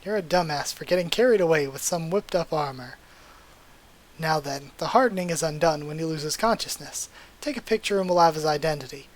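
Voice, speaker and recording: A manga reader voicing a blunt, rough older male vigilante brawler. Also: mid-range voice, brisk, lightly acted. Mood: gruff. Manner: blunt, rough, self-assured.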